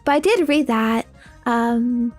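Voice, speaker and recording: A woman's voice: fairly high pitch, slow pace, soft background music. A young woman streamer chatting casually while building a model kit, rambling and laughing with lots of fillers.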